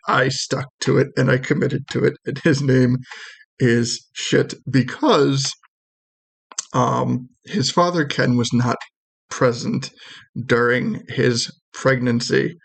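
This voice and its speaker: Gravelly game master narrating. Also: male voice, medium pitch, fairly even intonation, slow pace. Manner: rambling, many restarts.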